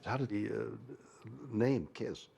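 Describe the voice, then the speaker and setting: An older man hosting an interview, asking deliberate, pressing questions. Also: on the low side, creaky, warm tone, slight background noise. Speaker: interview host.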